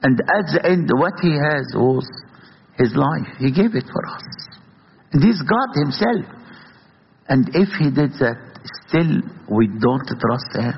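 Brief: male priest with an Egyptian accent, Arabic native speaker, husky, lively pitch, impassioned sermon, dull lo-fi sound. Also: slight background noise. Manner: impassioned, many rhetorical questions. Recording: dull, echoey hall.

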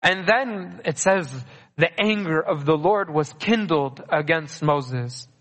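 High-voiced preacher in an echoing hall. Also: male voice, slow pace, fairly bright tone. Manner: earnest, repeats key phrases for emphasis. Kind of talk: sermon. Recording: long reverb of a large hall.

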